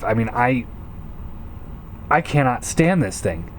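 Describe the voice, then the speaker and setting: A man's voice: fairly high pitch, big pitch swings, slow, long pauses, slight background noise. A man giving a casual hands-on toy review, frustrated and swearing, often stammering and repeating himself.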